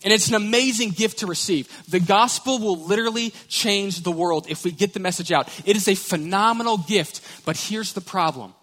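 An animated male pastor delivers a sermon with a slightly higher voice. His words ring out through the long reverb of a church sanctuary. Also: normal speed, few pauses. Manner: animated, storytelling.

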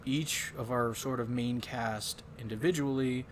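A man's voice: mid-range voice, fairly even intonation, unhurried, a little hiss or hum. A man hosting a casual podcast, rambling and swearing as he recaps a film and mimics its lines. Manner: rambling, swearing, quotes lines in put-on voices. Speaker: podcast host. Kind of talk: casual chat.

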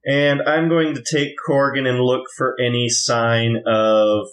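A man's voice: mid-range voice, level tone, unhurried, echoey room. A man as a tabletop player, steering the group back to the game. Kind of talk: casual chat.

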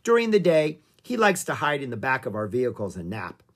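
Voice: mid-range voice, huge pitch swings, a little fast. A storybook reader voicing a caring adult woman ranger who speaks earnestly. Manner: earnest, urgent.

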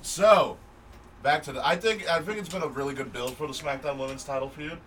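A man co-hosting a wrestling podcast, relaxed and often restarting his sentences as he thinks aloud. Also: fairly high pitch, brisk, far from the mic, a little hiss or hum, low-quality recording. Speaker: podcast co-host. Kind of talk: casual chat.

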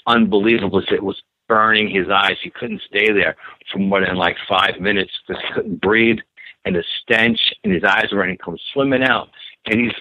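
Low-voiced guy on a crackly phone line, telling his story all worked up, keeps repeating stuff. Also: dry recording. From New York. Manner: animated, repeats himself, acts out quotes. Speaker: guest telling an encounter story.

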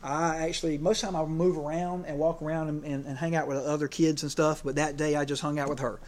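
A man's voice: on the high side, level tone, fast talker, a little mellow. A man preaching a sermon in a conversational way, with many fillers and restarts, at times emotional as he tells stories. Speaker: preacher and PE teacher.

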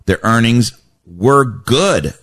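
A man's voice: medium pitch, expressive, slow pace, fairly bright tone. A man hosting a radio finance show, chatting casually and correcting himself as he goes. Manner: rambling, self-correcting, chatty. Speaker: radio host, stock advisor. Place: radio studio.

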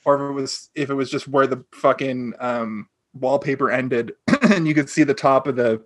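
A man's voice: mid-range voice, steady tone, normal speed, no echo, studio quality. A young man co-hosting a podcast, chatting casually about a TV episode, swearing freely and acting out characters' lines. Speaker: podcast co-host. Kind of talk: casual chat recapping a TV episode.

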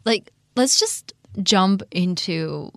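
Playful, animated woman guest. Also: mid-range voice, slow pace, dry recording, studio quality. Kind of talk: casual radio chat.

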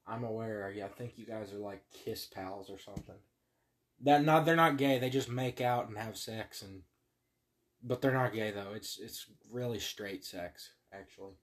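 A man's voice: on the low side, steady tone, normal speed. A young man co-hosting a podcast, casual banter full of crude teasing and swearing. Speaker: podcast co-host.

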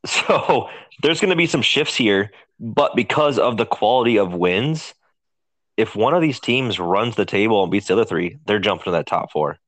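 A man's voice: fairly low pitch, lively intonation, moderate pace, fairly bright tone, no room sound. A man co-hosting a podcast, leading a casual sports chat in an easygoing, conversational way. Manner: easygoing, conversational, leads the questions. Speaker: podcast co-host.

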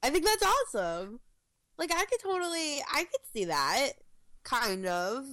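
A woman's voice: high-pitched, big pitch swings, unhurried, fairly bright tone, no echo. A young woman co-hosting a podcast in casual chat, talking with many "like" fillers and quoting her own thoughts. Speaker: podcast co-host.

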